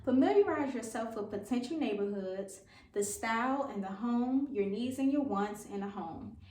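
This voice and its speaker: A woman's voice: on the high side, moderate pace, warm tone, far from the mic. Woman, casual vlog advice, chatty and informal, echoey room, mic set back. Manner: chatty, informal, self-deprecating. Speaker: vlogger.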